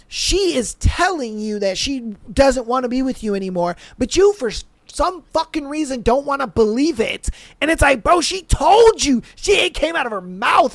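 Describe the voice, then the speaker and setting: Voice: sits high, no room sound. Profane ranting podcast host, dry close mic. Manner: profane, animated, slangy ranting. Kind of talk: casual reality-TV recap rant.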